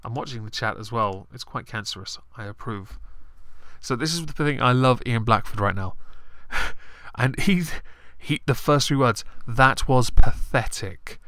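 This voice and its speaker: Man, sarcastic, swears freely, live-stream commentary, mid pitch, dry close sound. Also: normal speed, a bit bright, dry recording. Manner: sarcastic, blunt, swears often.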